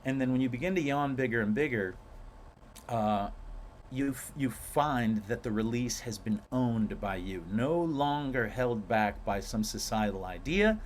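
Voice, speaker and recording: Animated man leading a breathwork class. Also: medium pitch, a little hiss or hum. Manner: animated, playful, drawn-out emphatic words with laughs. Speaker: breathwork instructor.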